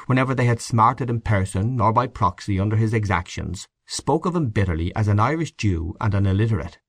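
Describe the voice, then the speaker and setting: Male narrator, low voice, lively intonation, dry close sound. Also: dry recording. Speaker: audiobook narrator. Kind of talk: literary audiobook narration.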